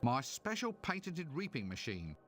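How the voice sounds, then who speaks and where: An actor voicing a hapless, sarcastic wizard in a video game, whiny and theatrical. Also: male voice, fairly high pitch, huge pitch swings, normal speed, a bit bright, soft background music. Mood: smug. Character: Rincewind, hapless cowardly wizard, sarcastic man. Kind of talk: 1990s video game voice acting.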